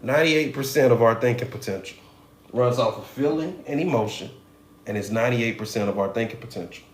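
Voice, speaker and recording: A middle-aged man explains the mind like a hypnotherapist teaching a live class, firing rhetorical questions at his viewers. His voice sits at an ordinary middle pitch. The room echoes, with faint noise underneath. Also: expressive, brisk.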